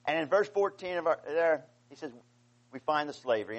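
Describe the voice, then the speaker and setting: A man preaching a sermon with passion, swinging from quiet explanation to loud, pleading outcries and calling out "amen" to his congregation. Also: on the high side, lively intonation, fairly quick, highs cut off. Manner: impassioned, rising to pleading outcries.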